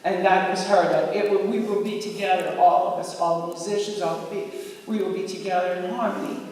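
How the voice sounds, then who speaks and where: A woman's voice: fairly low pitch, steady tone, a little fast, darkish tone. Middle-aged woman, chatty and emotional eulogy, heard from the back of a big echoing hall. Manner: emotional, conversational, laughing through tears. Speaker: eulogy speaker. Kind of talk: heartfelt memorial tribute. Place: large opera house hall. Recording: echoey hall from far off.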